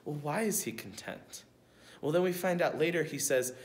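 A young man speaking as a camp youth speaker, giving a casual devotional lesson for kids in a relaxed, chatty way, asking rhetorical questions and checking in with his listeners. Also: a little high, brisk.

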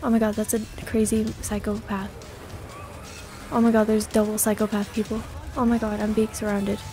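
Jittery young woman gaming, mellow voice. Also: mid-range voice, flat delivery, moderate pace. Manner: jittery self-talk, frequent exclamations; jokey and self-deprecating. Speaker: gamer. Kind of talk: casual let's play commentary.

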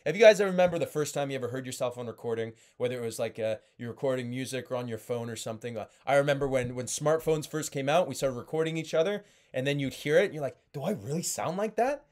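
A man coaching salespeople in an emphatic, animated way, often checking in with "okay?" and "right?". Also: medium pitch, quick pace, few pauses. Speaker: sales trainer. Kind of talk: sales training talk.

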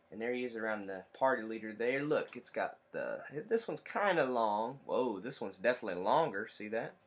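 Animated man reading a picture book. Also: fairly low pitch, moderate pace, few pauses. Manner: animated, explaining, pointing out pictures. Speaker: teacher.

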